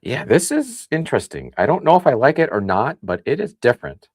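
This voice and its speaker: A man from the Midwest hosting a casual livestream, chatting and thinking out loud as he reads comments. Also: mid-range voice, big pitch swings, a little fast, dry recording, clean studio sound. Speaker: livestream host. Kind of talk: casual tasting livestream chat.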